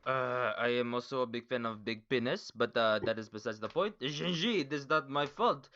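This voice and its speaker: A man's voice: mid-range voice, moderate pace, sharp tone, dull audio, natural voice. A man playing a pompous older Frenchman in a mock French accent, hesitant and theatrical. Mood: defensive. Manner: hesitant, theatrical, over-the-top.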